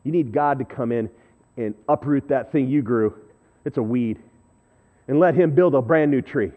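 Pastor preaching in thin phone-like audio. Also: male voice, medium pitch, moderate pace. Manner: conversational storytelling, self-deprecating; animated, shifting between loud and hushed. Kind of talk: sermon.

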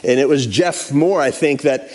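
A pastor telling a personal story in a sermon, acting out the quotes in an animated way. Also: male voice, medium pitch, normal speed.

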